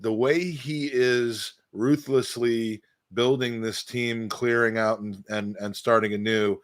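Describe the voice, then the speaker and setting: A man's voice: lowish voice, a bit bright. A man hosting a podcast, talking in a rambling, hesitant, self-deprecating way. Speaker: podcast host. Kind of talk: casual podcast chat.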